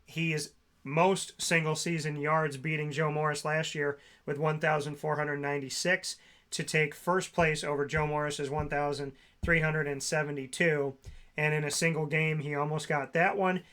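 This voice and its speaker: A man's voice: fairly high pitch, level tone, moderate pace, bright, forceful tone. A man co-hosting a sports talk show, reeling off stats and player names in long runs. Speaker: co-host.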